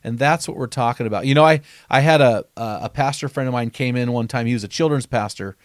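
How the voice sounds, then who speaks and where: An author and podcast host with a middle-pitched voice talks fast in an earnest, conversational way, teaching through stories. He reads quotes aloud and often repeats words when restarting a thought, recorded dry and close with no room echo.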